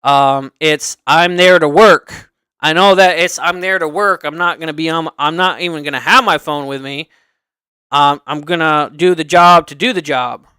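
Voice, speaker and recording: Casual streamer, a man with a high, sharp voice, rambling, earnest, dry close sound. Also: normal speed, clean tone, no room sound. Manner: rambling, circles back and repeats points. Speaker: livestream host. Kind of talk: casual unscripted chat.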